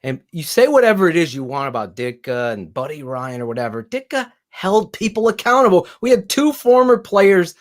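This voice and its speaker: A man's voice: on the high side, big pitch swings, fairly quick, hardly any pauses, darkish tone. A man hosting a casual sports podcast, talking bluntly and emphatically, with some swearing. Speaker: podcast host.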